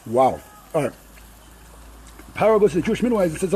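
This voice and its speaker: A man's voice: fairly high pitch, big pitch swings, a little fast, warm tone, slightly rough, poor audio. A man giving an informal Torah talk outdoors by a grill, conversational, with frequent restarts and asides. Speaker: Torah teacher.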